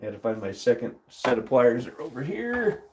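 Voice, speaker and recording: Amid background noise, a man with a medium-pitched, sing-song voice hosts a casual livestream. He chats slowly and easily with viewers, reading comments while busy at his furnace.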